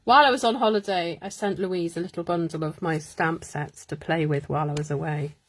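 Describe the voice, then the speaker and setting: A woman's voice: on the low side, steady tone, a little fast. A woman hosting a live card-making stream, chatting, muttering to herself and laughing as she works. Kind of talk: casual live crafting chat.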